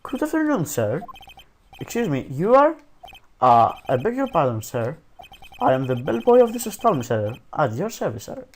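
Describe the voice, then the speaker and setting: A man's voice: a little high, wildly swooping pitch, normal speed, a little hiss or hum. A man voicing a polite male hotel bellboy in a put-on British accent, stiffly formal and calling everyone sir. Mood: formal, servile.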